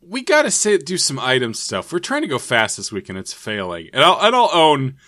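A man co-hosting a casual comedy podcast, talking in a dry, low-key, self-aware way. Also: huge pitch swings, brisk, sharp tone, dry recording. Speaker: podcast co-host.

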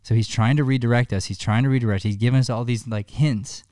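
A man's voice: mid-range voice, steady tone, quick pace, darkish tone, no echo, clean studio sound. A man talking earnestly in a heartfelt one-on-one conversation, telling a personal story with frequent restarts.

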